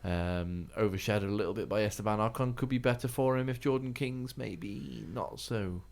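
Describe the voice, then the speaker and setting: A man co-hosting a casual motorsport chat podcast, chatty and laughing often, getting louder when excited. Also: on the low side, moderate pace, gravelly. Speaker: podcast co-host.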